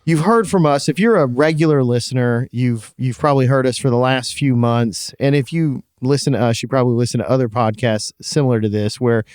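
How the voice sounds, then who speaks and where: A man's voice: medium pitch, fairly quick, few pauses, darkish tone, clear, resonant tone, dry recording, clean studio sound. A man co-hosting a podcast in casual chat, talking with a slight lisp, laughing often and restarting his sentences. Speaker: podcast co-host.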